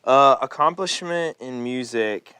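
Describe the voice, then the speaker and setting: A young man chatting casually on a podcast, relaxed and rambling with lots of fillers. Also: medium pitch, measured pace, clean tone. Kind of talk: casual chat.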